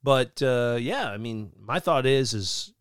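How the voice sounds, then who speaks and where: A man co-hosting a podcast in relaxed casual chat, joking around and slipping into playful mock voices. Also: medium pitch, slow pace, clear, resonant tone, no room sound, clean studio sound. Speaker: podcast co-host.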